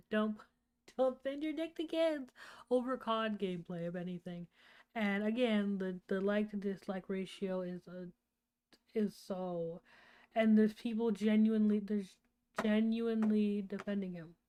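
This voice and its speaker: A woman's voice: medium pitch, a little slow, warm tone, clear, resonant tone. A woman streamer reacting to a video with sarcastic, mocking commentary.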